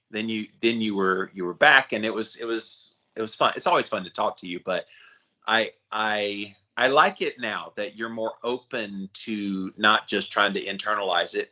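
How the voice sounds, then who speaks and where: Bright-voiced man hosting a casual podcast. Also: on the low side, highs cut off. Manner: conversational, frequent restarts. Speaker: podcast host.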